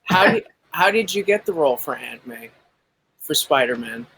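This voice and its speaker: Eager male host with a slightly high voice. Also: lively intonation, normal speed, gravelly, a bit bright, slightly rough, poor audio. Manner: eager fan, rambling and encouraging. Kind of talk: casual interview questions.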